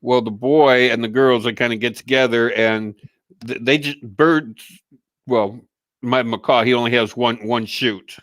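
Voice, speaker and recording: Crude, joking man with a bright voice. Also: medium pitch, fairly even intonation, measured pace, no echo. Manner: blunt, profane, joking. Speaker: co-host. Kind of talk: crude casual chat.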